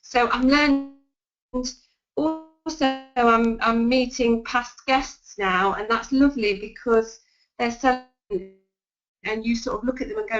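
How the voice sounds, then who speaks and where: A woman's voice: on the high side, steady tone, unhurried, fairly bright tone, soft background music. A woman giving sales tips in a webinar, chatty and full of ums and restarts. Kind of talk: webinar talk. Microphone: video call. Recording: dull lo-fi web call audio.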